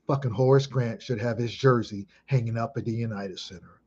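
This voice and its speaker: Man in his thirties, casual vlog monologue, mid-pitched voice, emphatic and profane, dull lo-fi audio. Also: fairly quick, slightly rough. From Chicago. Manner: excitable, emphatic, heavy swearing. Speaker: vlogger.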